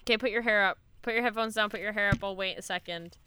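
A woman's voice: medium pitch, fast, pushed and bright, a little hiss or hum. A young woman hosting a podcast, chatting playfully, swearing often and reading a news story aloud. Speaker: podcast host. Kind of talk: casual podcast chat.

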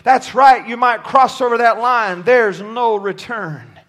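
A man preaching a sermon from a church pulpit, shouting at times and dropping low at others, often stumbling over his words. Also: slow. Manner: impassioned, swings from shouting to near-quiet.

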